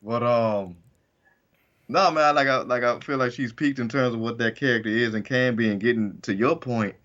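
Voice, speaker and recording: A man's voice: medium pitch, normal speed, a bit bright. A man co-hosting a wrestling podcast in casual chat, rambling and restarting often as he works through his points. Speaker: podcast co-host. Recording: dull lo-fi recording.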